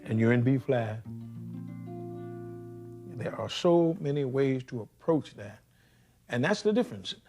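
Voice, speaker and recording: An older man teaching jazz guitar in a relaxed, anecdotal way, scatting the melodies as he plays. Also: medium pitch, measured pace, long pauses. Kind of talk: demonstrating at the guitar, talking between phrases. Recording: loud guitar under the voice.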